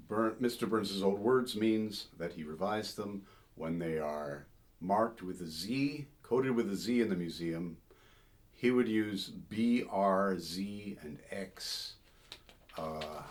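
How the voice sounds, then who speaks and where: A man, a folk singer and song scholar, talking informally about an old song, thoughtful and digressive, with sung snippets as examples. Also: low-pitched. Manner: thoughtful, digressive, sings short phrases to illustrate. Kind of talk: informal spoken commentary on a song.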